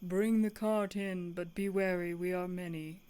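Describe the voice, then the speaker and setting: A woman voicing a huge male Warforged guard who speaks slowly and formally. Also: fairly low pitch, steady tone, dark tone, clear, resonant tone, lightly acted. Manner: slow, formal.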